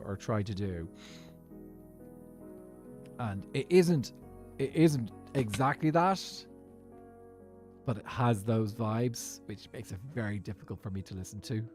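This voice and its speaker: A man's voice: lowish voice, a little mellow. An Irish man streaming a game, chatting casually and thinking aloud to his viewers in a rambling way. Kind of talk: casual live-stream chat while gaming.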